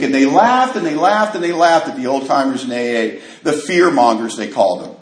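A man sharing his recovery story at a meeting, a vivid storyteller with casual street grammar who acts out the voices of others and drops to a hush in tense moments. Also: a little high, animated, brisk, few pauses. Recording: echoey room.

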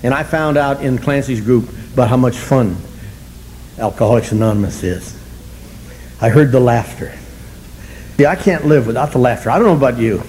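A man's voice: medium pitch, normal speed, long pauses, a little mellow, a little hiss or hum, low-quality recording. An older man speaking to a recovery meeting audience, blunt and self-mocking, chuckling as he tells his story. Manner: wry, self-mocking humor, chuckling often; blunt, colorful language.

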